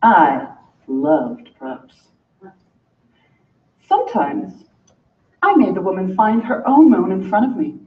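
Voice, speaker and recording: An actress playing a proud, playful, sensual woman in a stage monologue, with slow, savoring delivery, heard from a distance in a large theatre. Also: a little high. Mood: boastful. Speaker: stage actor. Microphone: distant audience camera. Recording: echoey hall from far off, dull.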